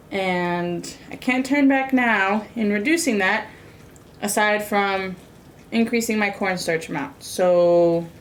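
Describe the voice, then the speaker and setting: Cooking on a live stream, a young woman from the United States chats casually with her viewers in a mid-range voice over slight background noise. Her talk is sassy and meandering, packed with filler words.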